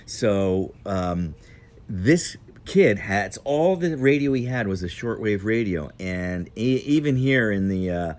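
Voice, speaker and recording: A man's voice: on the low side, expressive, a little mellow. A man telling a casual, meandering travel story on an outdoor patio. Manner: meandering, digressive, unhurried.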